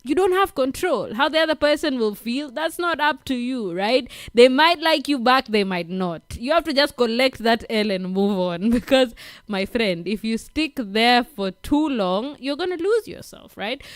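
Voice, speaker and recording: A woman's voice: a little high, animated, a little slow, dry recording, clean studio sound. A woman with an African accent hosting a late-night radio talk show, giving relationship advice in a chatty way, laughing often and asking "right?". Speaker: radio host. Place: radio studio.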